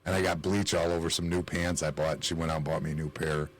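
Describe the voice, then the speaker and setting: A man's voice: rumbling low, steady tone, quick pace. A middle-aged man hosting a casual bar-talk podcast, laid-back and agreeable as he chats with an old friend. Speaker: podcast host.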